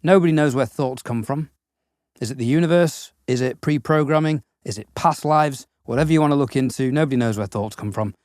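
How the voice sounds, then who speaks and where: A man co-hosting a podcast in casual chat, giving gentle, reflective advice on a close studio mic. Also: mid-range voice, fairly quick, no room sound. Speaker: podcast co-host.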